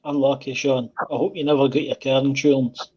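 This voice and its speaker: A man trading blunt insults on a live stream. His voice is dark and mellow, and he barely moves his pitch. The audio is dull and lo-fi. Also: fairly even intonation, brisk. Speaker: caller. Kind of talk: heated live-stream argument.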